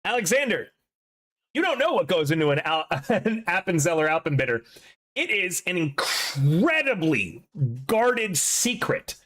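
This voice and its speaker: A man running a tabletop game as game master, chatty and quick to laugh. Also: sits high, very animated, fairly bright tone.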